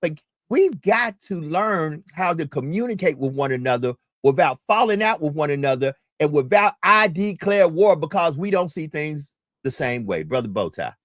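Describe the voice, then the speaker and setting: A man's voice: fairly high pitch, big pitch swings, moderate pace, hardly any pauses, a bit bright, dry recording, clean studio sound. Emphatic preacherly male radio host. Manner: preacherly, emphatic, repeats key points. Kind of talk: community talk radio commentary.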